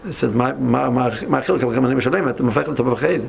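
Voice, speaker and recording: A man teaching a class, telling a story in an animated way, acting out the dialogue with many restarts. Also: mid-range voice, very fast, vocal fry, slight background noise. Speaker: Torah teacher.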